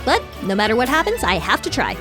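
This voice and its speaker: A woman's voice: a little high, sing-song, fast talker, over music. A young woman hosting a gaming channel, bubbly and wry as she narrates her play and reads characters' lines aloud. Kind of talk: playing and narrating a game.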